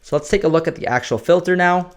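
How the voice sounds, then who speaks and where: A man's voice: sits high, fast talker. A man giving a casual, explanatory music production tutorial at his computer, often checking in with "right?". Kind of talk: screen-recorded production tutorial.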